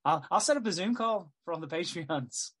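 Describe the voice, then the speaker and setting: A man's voice: fairly high pitch, expressive, moderate pace, a bit bright, husky. A man co-hosting a casual podcast, laughing often as he recaps a TV show. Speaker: podcast co-host. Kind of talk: casual chat.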